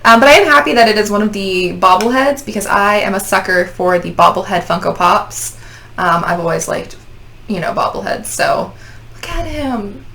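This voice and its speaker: A woman's voice: mid-range voice, normal speed, gravelly, pushed and bright. A woman hosting a casual unboxing chat, gushing and sentimental about her collectibles, with lots of fillers. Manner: gushing, sentimental fan talk with many fillers. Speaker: podcast host. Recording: clicking noise in background.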